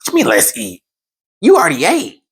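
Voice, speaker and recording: A sassy, exasperated wife with a high, scolding voice, as a man puts her on while telling a story. Her pitch swoops up and down. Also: huge pitch swings, brisk, slightly rough, exaggerated voice. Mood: incredulous. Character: exasperated wife, middle-aged woman.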